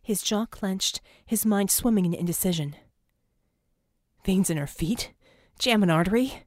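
A woman reads a tense story aloud with dramatic force, lifting to shouts and falling to breathy sobs as the characters demand. Her voice sits at a middle pitch, recorded close and dry with no room sound. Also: moderate pace, no echo. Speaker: audiobook narrator. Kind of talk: scripted narration.

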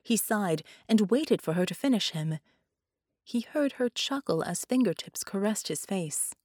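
A woman narrating dark fiction in a measured, grave storytelling manner. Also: medium pitch, expressive, no room sound, studio quality. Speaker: audiobook narrator.

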